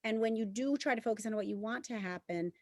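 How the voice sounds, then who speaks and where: Woman doctor, obstetrician, earnest, insistent, quick pace, dry recording. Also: a little high, darkish tone, no room sound. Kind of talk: casual chat, explaining.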